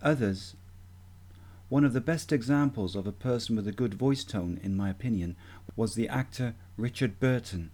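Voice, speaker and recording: A man giving a measured, deliberate instructional talk as a voice coach. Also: medium pitch, warm tone.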